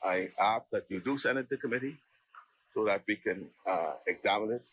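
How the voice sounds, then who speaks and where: A man's voice: on the low side, moderate pace, fairly bright tone, slightly rough, no room sound, low-quality recording. A man with a Bahamian accent, speaking as a member of parliament in a debate, argumentative and often restarting and repeating his words. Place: legislative chamber.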